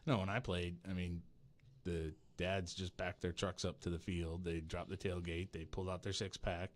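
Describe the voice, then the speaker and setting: A man's voice: low-pitched, little pitch movement, moderate pace, a little hiss or hum. A man co-hosting a podcast, chatting casually with dry, wry humor. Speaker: podcast co-host. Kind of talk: casual chat.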